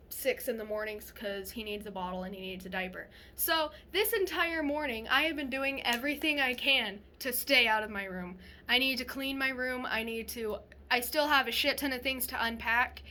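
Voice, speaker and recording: A woman's voice: a little high, bright, forceful tone. A young woman vlogging to a phone camera, telling a story casually in a rambling way with many restarts.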